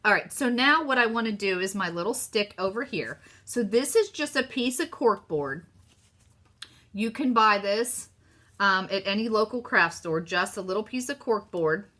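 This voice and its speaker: A woman with a Southern US accent and a mid-range voice hosts a casual live craft demo at normal speed. She's chatty and excitable as she talks to her viewers.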